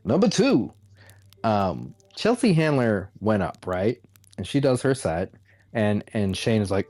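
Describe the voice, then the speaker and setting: A man hosting a casual comedy podcast, ranting in an animated, mocking way and laughing often. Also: on the low side, measured pace, dry recording. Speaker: podcast host.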